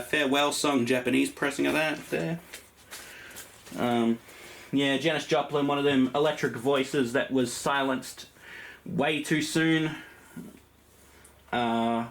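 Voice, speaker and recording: An Australian man casually showing his vinyl collection, rambling through it with plenty of ums and uhs. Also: medium pitch. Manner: rambling, lots of ums and uhs while listing records. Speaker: record collector vlogger. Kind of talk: casual show-and-tell.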